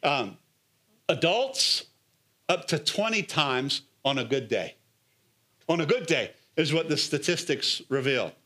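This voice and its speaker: High, bright-voiced man preaching with energy. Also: a little slow. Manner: energetic, coaxing preaching with repeated "come on" and rhetorical questions. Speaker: pastor. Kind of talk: sermon.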